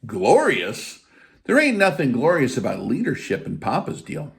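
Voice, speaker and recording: A man's voice: on the high side, wildly swooping pitch, fairly quick, vocal fry. A man giving an informal spiritual teaching in a blunt, emphatic way, with casual swearing. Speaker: faith teacher.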